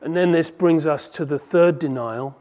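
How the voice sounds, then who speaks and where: A man preaching an expository sermon, reading scripture aloud and moving between emphatic and hushed delivery. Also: on the high side, normal speed.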